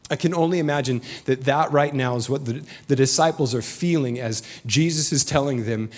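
A man's voice: medium pitch, brisk. A man in his thirties preaching a sermon, telling a personal story in a casual way with joking asides. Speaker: pastor.

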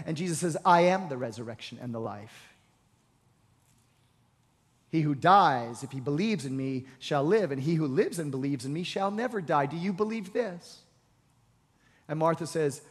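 Male pastor, high pitch, storytelling sermon that climbs to shouting, big reverberant room. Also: expressive, moderate pace, long pauses. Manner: storytelling, voicing the Bible figures, building to shouts. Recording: long hall reverb.

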